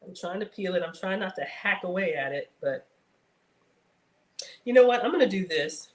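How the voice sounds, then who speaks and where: A woman's voice: medium pitch, animated, moderate pace, roomy sound. A woman hosting a casual cooking livestream, chatting to viewers as she works. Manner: chatty, addresses viewers as y'all; playful outbursts and sing-song bits.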